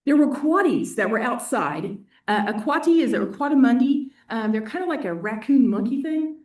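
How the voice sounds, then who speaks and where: A woman's voice: fairly high pitch, moderate pace. A woman from Indiana telling a story at an awards talk, acting out voices and dropping into whispers. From East Central Indiana. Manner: animated, acts out quoted voices and whispers. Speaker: award winner giving a talk. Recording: echoey hall, distant mic.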